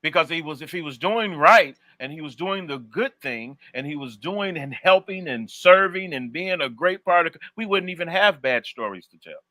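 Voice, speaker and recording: A man's voice: a little high, expressive, normal speed, few pauses, sharp tone. A man co-hosting a call-in radio talk show, speaking emphatically in a preachy manner. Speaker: radio co-host.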